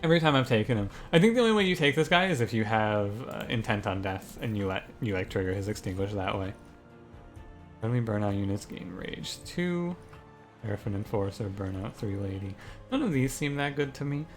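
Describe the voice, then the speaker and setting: A man's voice: on the low side, expressive, fairly quick, faint music behind. A young man giving casual commentary on a card game as he streams it, thinking aloud with many restarts. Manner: thinks aloud, restarts, gets ranting and exasperated. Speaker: gaming streamer.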